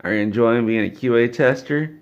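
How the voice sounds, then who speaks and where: A curt, loud, wealthy father who barks short lines, played by a man. His voice is gravelly, and the recording is dull and lo-fi. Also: medium pitch, fairly quick, natural voice. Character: wealthy father, a game studio boss.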